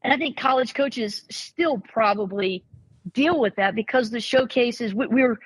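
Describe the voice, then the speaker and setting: A woman who is a former college and travel ball softball coach, talking casually on a podcast in an animated storytelling way, often restarting and repeating words. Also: fairly high pitch, moderate pace, husky, dry recording, poor audio.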